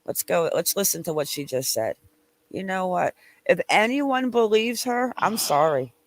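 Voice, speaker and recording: A woman hosting a true crime commentary, reacting with blunt, exasperated disbelief and some swearing. She pauses the clips often to have her say. The sound is dry and close. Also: fairly low pitch, animated, dry recording. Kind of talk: commentary over played clips.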